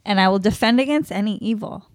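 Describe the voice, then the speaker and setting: A woman's voice: medium pitch, quick pace, no echo. A woman co-hosting a podcast, joking and rambling in casual comedic chat. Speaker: podcast co-host.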